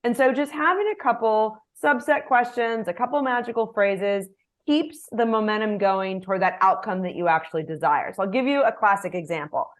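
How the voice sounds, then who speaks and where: A middle-aged woman executive coach answering interview questions in a lively way, acting out example phrases. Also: mid-range voice, moderate pace. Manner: animated, gives examples with acted phrases.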